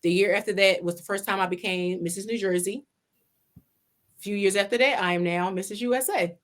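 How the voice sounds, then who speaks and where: A woman, a podcast guest, telling her story in a casual interview from her home office over a video call, animated and acting out her own past words. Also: mid-range voice, brisk. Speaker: podcast guest, pageant winner and salon owner.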